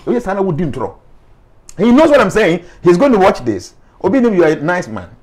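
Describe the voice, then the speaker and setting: Ghanaian guy talking big and emphatic in an interview, bit high pitched, drops twi words in. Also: very animated, a little fast, a little mellow. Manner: emphatic, mixes English with Twi phrases. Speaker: life coach. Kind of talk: animated interview talk.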